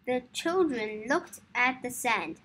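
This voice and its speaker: Slow, high, breathy woman storyteller. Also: lively intonation, fairly bright tone. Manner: slow, clear, careful reading. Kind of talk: reading a children's story aloud for English learners.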